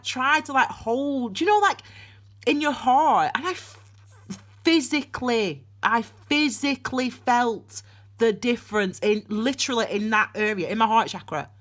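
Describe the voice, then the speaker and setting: A woman's voice: on the high side, fairly bright tone. A woman giving a casual, rambling tarot reading, with frequent restarts and asides. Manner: chatty, rambling, with many restarts and voiced asides. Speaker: tarot reader.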